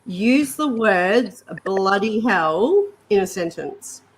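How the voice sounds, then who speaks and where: A woman's voice: mid-range voice, expressive, takes it slowly, slight background noise, low-quality recording. An Australian woman in her forties co-hosting a livestream, leading a slang game. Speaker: co-host. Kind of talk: casual livestream chat.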